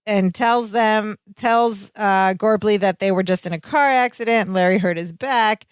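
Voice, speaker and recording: A woman with a medium-pitched voice recaps a sitcom plot in plain, matter-of-fact terms and laughs easily along the way. The recording is dry and close to the mic. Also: moderate pace, clean tone, no echo. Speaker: podcast co-host. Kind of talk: casual recap chat.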